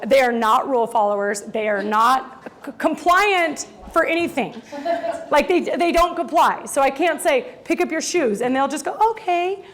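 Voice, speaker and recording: A woman in her forties telling a candid personal story as a mother. She is emotional and laughs through tears as she acts out what her family said. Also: high voice.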